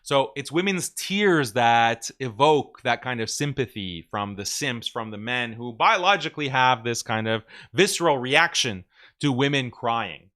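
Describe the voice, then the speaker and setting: A man's voice: fairly high pitch, animated, moderate pace, bright, forceful tone. A man hosting a commentary show, talking casually in a sarcastic, mocking way and chuckling often. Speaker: host.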